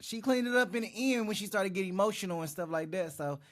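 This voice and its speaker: A man's voice: high voice, fast talker. A man hosting a reaction video, commenting casually and thoughtfully on a dating show clip. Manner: thoughtful, talks to the viewer, sighs.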